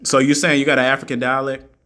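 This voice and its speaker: Forceful, argumentative man. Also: mid-range voice, completely flat delivery, fast. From United States. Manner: argumentative, mocking, repeats his points for emphasis. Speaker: vlogger answering critics. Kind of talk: heated monologue rant.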